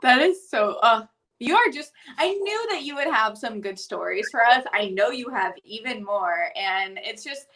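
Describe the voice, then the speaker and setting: A woman's voice: on the high side, lively intonation, moderate pace, fairly bright tone. A woman hosting an online interview show, upbeat as she thanks viewers and plugs the show. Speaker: host. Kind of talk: casual interview chat.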